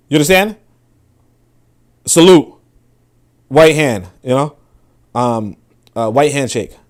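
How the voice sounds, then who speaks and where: A male commentator of middling pitch talks loosely about clips he is watching. He rambles, swears freely and fills his sentences with filler words. The tone is casual and offhand throughout. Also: lively intonation, slow, long pauses.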